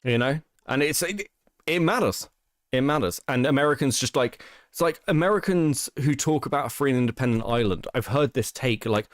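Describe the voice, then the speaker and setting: A man's voice: medium pitch, expressive, fairly quick, no room sound, studio quality. A man co-hosting a casual stream chat, rambling and swearing as he restarts his sentences. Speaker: stream co-host.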